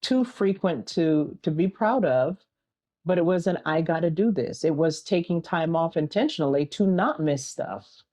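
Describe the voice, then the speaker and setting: Mellow-voiced woman, earnest interview guest. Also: deep voice, lively intonation, moderate pace. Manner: earnest, repeats a refrain, uses analogies. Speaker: interview guest, entrepreneur and single mother. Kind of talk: reflective interview answers.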